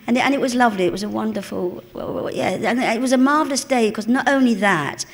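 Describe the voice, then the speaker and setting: A woman's voice: a little high, quick pace. Chatty older Cockney woman telling stories. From East End of London, England. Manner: chatty anecdotal storytelling, acting out the people she quotes. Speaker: guest actress. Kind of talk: live on-stage interview. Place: cinema auditorium before an audience.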